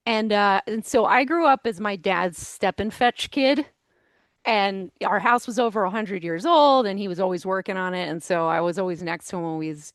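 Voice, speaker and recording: A woman's voice: mid-range voice, no echo. Lady from central pa telling stories on a podcast, laughs a lot, dry mic. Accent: Pennsylvania. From central Pennsylvania. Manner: lively storytelling, laughs often. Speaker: guest, consultant. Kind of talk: casual interview chat.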